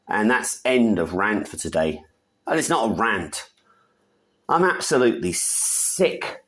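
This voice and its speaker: Male British commentator, angry rant, emphatic with muttered asides, very animated delivery. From Britain. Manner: indignant, emphatic, with sudden pitch jumps and quick muttered asides. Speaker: video commentator. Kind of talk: angry opinion rant to camera.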